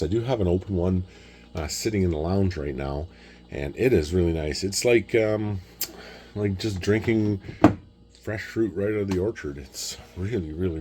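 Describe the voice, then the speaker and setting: Middle-aged man, deep voice, casual vlog chatter, rambling storyteller. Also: mellow. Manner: rambling, repeats words, acts out dialogue. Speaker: whisky collector vlogger. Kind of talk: casual chat.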